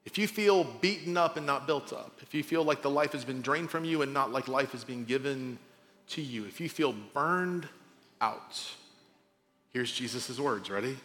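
A man preaching a sermon as pastor, talking informally and swinging between loud emphasis and quiet drops. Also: medium pitch, moderate pace, long reverb tail. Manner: conversational, informal asides.

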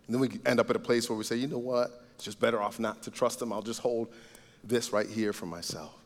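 Pastor guy preaching, earnest, gets loud then real quiet, church hall with long echo. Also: steady tone, fairly quick. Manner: earnest, swings between loud emphasis and soft low asides. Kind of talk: sermon. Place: church sanctuary.

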